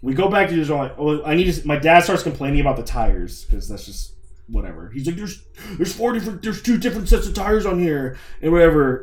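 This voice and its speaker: A young man telling a story in a casual, profane way, acting out his own lines and quoting others. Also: on the high side. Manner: animated, profane, acts out quotes. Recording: echoey room.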